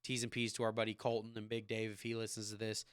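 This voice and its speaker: A man in his thirties hosting a casual sports podcast from his home basement, rambling in an animated fan's way. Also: fairly low pitch, quick pace, clear, resonant tone, no room sound, clean studio sound. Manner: rambling, animated football fan. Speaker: podcast host.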